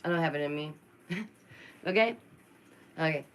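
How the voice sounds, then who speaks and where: A woman hosting a casual live-stream commentary, expressive and sassy, laughing often. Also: low voice, moderate pace, slight background noise, poor audio. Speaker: YouTube commentary host.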